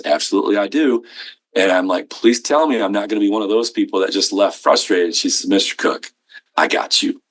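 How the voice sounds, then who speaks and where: Folksy man giving a staff training. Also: sits low. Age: middle-aged. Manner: folksy, acts out quoted exchanges. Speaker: healthcare billing trainer. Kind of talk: live training talk to staff.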